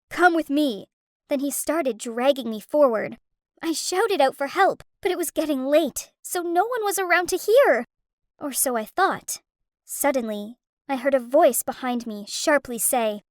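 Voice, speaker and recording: A woman narrating an animated story in the first person, emotional and dramatic, on a close studio mic. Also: high-pitched, a little slow, no room sound.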